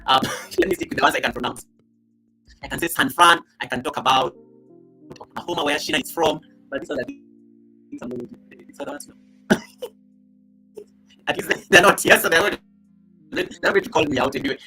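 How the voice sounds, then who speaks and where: A man with a high, bright voice and a husky edge hosts a casual live stream from his home set. He shifts from loud, animated greetings to quiet muttered asides as he reads the chat. Faint music plays behind him. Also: fairly quick, long pauses, low-quality recording. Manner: greets viewers by name and reads chat comments aloud. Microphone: laptop mic.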